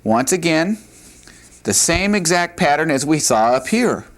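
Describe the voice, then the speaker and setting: A man's voice: on the high side, very animated, unhurried. A man teaching a Hebrew grammar lesson at a board in a classroom, patiently repeating key points with frequent "all right" and "uh".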